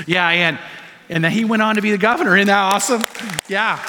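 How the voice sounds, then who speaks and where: A man's voice: sits high, fairly even intonation, fast, sharp tone. A man preaching a sermon, telling stories and urging his listeners with repeated, earnest commands. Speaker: pastor. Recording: long hall reverb.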